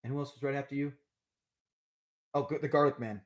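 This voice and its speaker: A man's voice: medium pitch, fairly even intonation, brisk. A man hosting a live trivia stream, talking in a chatty, upbeat way and laughing often. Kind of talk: casual live-stream chat.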